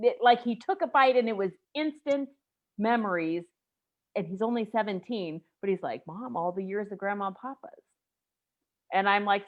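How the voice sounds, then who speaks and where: Animated woman in her forties. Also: mid-range voice, narrow, tinny audio. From United States. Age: 40s. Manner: animated storytelling, emotional and laughing. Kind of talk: casual group chat.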